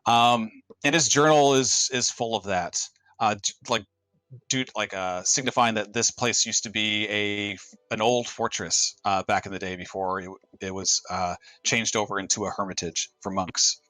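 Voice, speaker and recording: A man running a tabletop game as game master, talking in a halting way with many restarts. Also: lowish voice, steady tone, sharp tone, no echo. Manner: halting, full of fillers and restarts.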